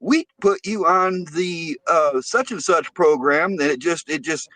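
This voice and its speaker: A high, sing-song, smug utility company phone agent, as a man mimics him brushes off complaints with slick customer-service patter. The sound is close and dry, with no room behind it. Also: measured pace, fairly bright tone, dry recording, low-quality recording. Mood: glib.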